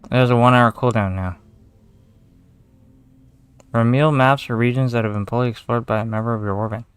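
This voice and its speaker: A man's voice: medium pitch, steady tone, moderate pace, smooth. A young man giving casual, swearing commentary as he plays a game, muttering to himself and getting easily aggravated. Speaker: gamer streamer.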